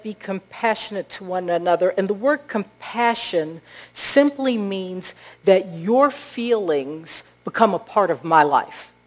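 A woman's voice: mid-range voice, low-quality recording. A woman preaching a sermon with earnest storytelling and rhetorical questions.

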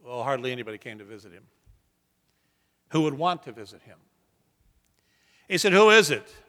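A man's voice: medium pitch, animated, moderate pace, a bit bright, long reverb tail. A man preaching a sermon, telling stories earnestly and building emphatic repeated lines. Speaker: pastor.

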